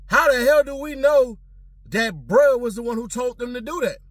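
A man's voice: extremely high pitch, normal speed, fairly bright tone, no echo. A man giving blunt, slangy, profane commentary in a casual talking style.

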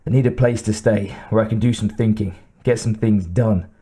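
A male narrator voicing an injured, blunt, profane male police detective with a gruff, curt delivery. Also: lowish voice, steady tone, moderate pace, mellow.

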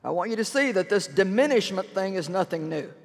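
A woman preacher giving a sermon in an animated, humorous and emphatic way in a large church. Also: mid-range voice, brisk, vocal fry, big-room sound.

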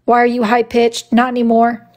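A woman's voice: fairly high pitch, completely flat delivery, normal speed, a little mellow. A woman hosting a casual live stream, chatting playfully and teasing her viewers as she reacts to their messages. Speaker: live-stream host doing wood burning.

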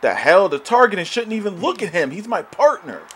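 A man's voice: sits high, sing-song, brisk, fairly bright tone, slightly rough. Ranting young man, swearing gamer. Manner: frustrated, ranting, swears often. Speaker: gaming YouTuber. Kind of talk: profane let's-play commentary.

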